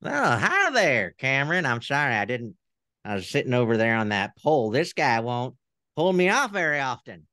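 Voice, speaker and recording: Goofy Southern puppet host, high and cheery, played by a man. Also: sing-song, moderate pace, pushed and bright, no echo, studio quality. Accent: American Southern. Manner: cheery, sing-song, high and bouncy.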